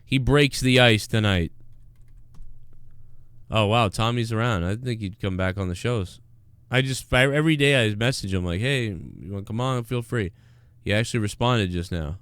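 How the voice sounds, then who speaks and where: A man's voice: lowish voice, moderate pace, fairly bright tone, clean tone, no echo. Male live-stream host, rambling and crude, reads donations; clean resonant voice, close and dry. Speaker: show host. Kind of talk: casual live-stream chat.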